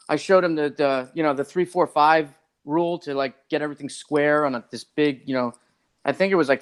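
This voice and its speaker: A man who is a podcast guest, telling a long story in a rambling, animated way and acting out what other people said. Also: mid-range voice, clean tone. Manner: rambling and animated, acts out others' lines, many "like" fillers. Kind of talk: casual storytelling.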